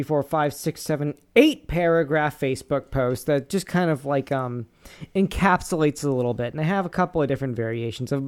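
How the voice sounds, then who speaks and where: A man's voice: fairly high pitch, darkish tone, smooth. A man co-hosting a casual podcast, rambling and swearing as he reads posts aloud with asides. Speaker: podcast co-host.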